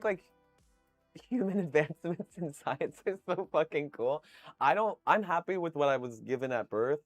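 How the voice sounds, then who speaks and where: A man with a mid-range voice is streaming live, chatting loosely and reading viewer comments aloud. He swears freely and laughs a lot.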